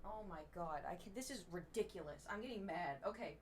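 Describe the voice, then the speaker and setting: A woman's voice: lowish voice, lively intonation, a little fast, few pauses, background noise. A woman streaming from her desk at home, chatting casually, swearing freely and coaxing her cat aloud. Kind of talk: casual live-stream chat. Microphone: desk microphone.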